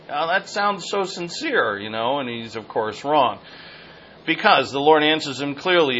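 A man teaching a Bible passage verse by verse in an earnest, repetitive way, sometimes pausing to search for a word. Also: fairly high pitch, animated, sharp tone. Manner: earnest, repetitive, searching for words mid-sentence. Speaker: pastor. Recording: dull lo-fi sound with faint noise.

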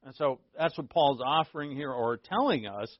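Expressive and at a normal pace, this medium-pitched pastor teaches the Bible casually, cracking jokes and checking in with his audience. There's no room sound in the dull, dry, lo-fi audio.

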